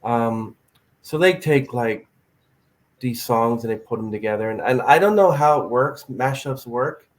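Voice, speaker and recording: An animated male podcast host chatting casually with a guest. His voice sits in a middle pitch, and he tells stories with plenty of energy, slipping into little acted-out quotes along the way. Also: measured pace, rough recording. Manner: animated storyteller, acts out quotes. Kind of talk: casual chat.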